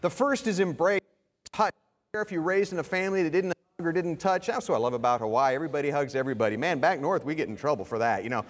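A man's voice: on the high side, fast talker. A middle-aged man preaching a sermon as pastor, telling folksy stories with humor. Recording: long reverb of a large hall.

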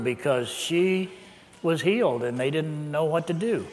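Older male pastor with a slightly high voice who tells anecdotes with laughs, recorded with long church-hall reverb. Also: a little slow. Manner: lively anecdotal telling, with laughs. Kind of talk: sermon storytelling.

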